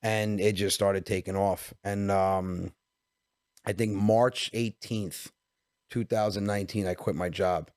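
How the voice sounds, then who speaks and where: Comedian guest in his 40s, New York Italian-American accent, low-pitched and quick, dry close mic. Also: dry recording. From Westchester, New York. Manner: animated storyteller, quick bursts, acts out dialogue. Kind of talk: casual podcast storytelling.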